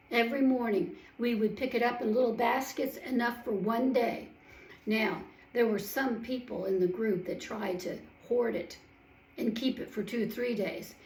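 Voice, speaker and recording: A woman telling a Bible story in character as a first-hand witness, slow and emphatic, acting out the quoted voices. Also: on the high side, darkish tone. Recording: roomy echo, mic at a distance.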